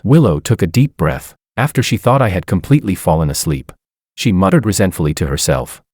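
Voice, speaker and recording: A man's voice: low-pitched, expressive, brisk, a little mellow, husky, no room sound, studio quality. A man narrating a first-person romance story in a smug, amused tone.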